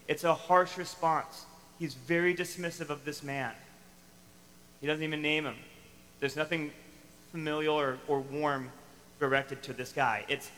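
A man preaching a sermon to a congregation, animated and emphatic, acting out the lines he quotes. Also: fairly high pitch, moderate pace, in a large hall, slight background noise, low-quality recording. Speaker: pastor.

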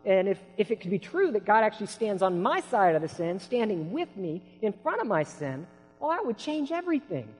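A man's voice: high-pitched, sing-song, brisk, slightly rough. Male preacher in a reverberant hall. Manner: dramatic storytelling, swinging from hushed to shouting. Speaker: pastor. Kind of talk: sermon.

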